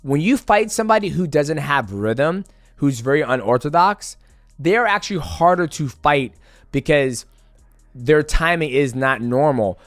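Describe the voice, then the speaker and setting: A man's voice: fairly high pitch, expressive, measured pace, fairly bright tone, no echo, faint music behind. A man in his thirties giving a casual, profane fight breakdown and acting out the moves as he explains. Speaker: fight analyst.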